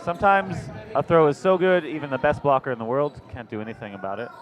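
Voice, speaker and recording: A man's voice: on the high side, animated, fast talker. A man giving live color commentary with dry, wry humor.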